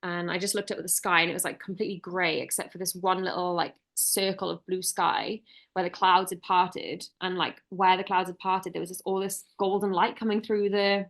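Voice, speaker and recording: A woman's voice: on the low side, steady tone, brisk, vocal fry, fairly bright tone. A woman co-hosting a podcast, telling a story in rambling, chatty casual talk full of fillers. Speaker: podcast co-host. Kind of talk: casual chat.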